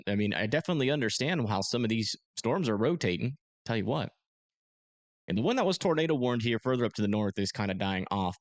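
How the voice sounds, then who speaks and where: A young man hosting a live storm-tracking stream, talking casually and haltingly with many fillers as he reads radar. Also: fairly low pitch, dry recording. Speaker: storm-tracking livestream host. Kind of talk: live weather commentary.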